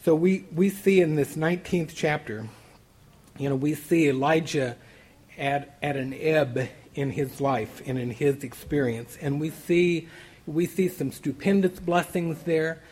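A man's voice: on the high side, a little slow, darkish tone, breathy edge. A man preaching a Bible study sermon, reading verses aloud and then commenting on them conversationally.

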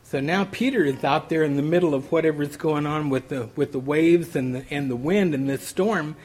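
A man preaching a sermon in a relaxed, conversational way, often restarting phrases. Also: fairly high pitch, moderate pace. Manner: conversational, many restarts and "you know".

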